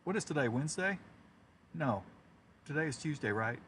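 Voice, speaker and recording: A man's voice: fairly high pitch, animated, moderate pace, fairly bright tone, slight background noise. Chatty storm-chasing man in a car. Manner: chatty, rambling storyteller who chuckles often. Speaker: storm chaser streaming live. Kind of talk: casual live-stream chat.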